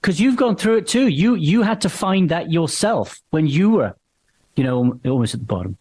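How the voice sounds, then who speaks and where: A man's voice: on the high side, sing-song, moderate pace, a little mellow, breathy edge. A man hosting a podcast interview, asking thoughtful, supportive questions. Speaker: podcast host.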